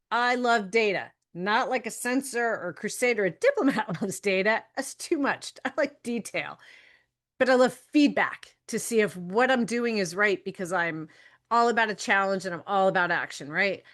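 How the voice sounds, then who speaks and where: A woman's voice: mid-range voice, a bit bright. A woman hosting a solo podcast as a health coach, talking in a chatty, frank way, laughing often, swearing casually and stretching words for emphasis.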